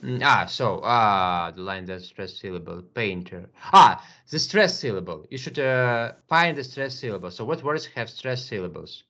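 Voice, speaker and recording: A man teaching English one to one, patient, repeating words slowly with many fillers. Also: fairly low pitch, animated, pushed and bright, muffled recording. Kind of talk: online English lesson.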